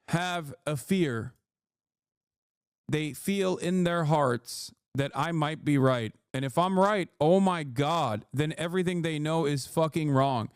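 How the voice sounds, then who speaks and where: A man's voice, a touch higher than most, ranting hard on a livestream. He swears freely and mocks his critics. The sound is dry and close, with no room around it. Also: clear, resonant tone, dry recording. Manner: heated, profane, mocking. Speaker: livestreamer reacting to news. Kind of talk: angry political rant.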